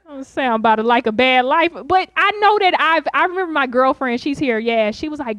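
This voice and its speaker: Woman, 30s, stand-up comedian, high voice, dry close sound, wry and chatty. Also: animated, fairly quick, fairly bright tone, no echo. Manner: wry, chatty, laughs between lines.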